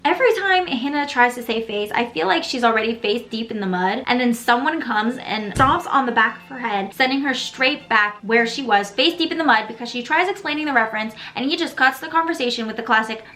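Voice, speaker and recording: A woman in her twenties recapping a TV episode in a casual vlog, dramatic and sassy with animated asides. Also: on the high side, a little fast, few pauses. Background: faint background music.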